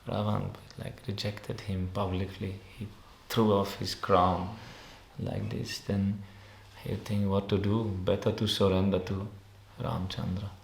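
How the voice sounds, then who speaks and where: Gravelly low-voiced man giving a spiritual talk. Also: little pitch movement, unhurried, echoey room. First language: not English. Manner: simple, repetitive phrasing with Sanskrit verses. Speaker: spiritual teacher. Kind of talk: devotional discourse. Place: ashram hall.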